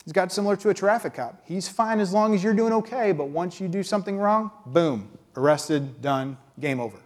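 Male preacher, conversational sermon delivery, fairly high voice, breaks into playful impressions. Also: lively intonation. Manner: conversational, acts out quick impressions with pitch jumps.

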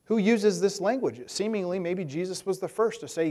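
Conversational preacher in an echoing hall. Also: male voice, sits high, moderate pace, mellow. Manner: conversational, acts out voices of Bible figures. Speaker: pastor. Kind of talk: sermon.

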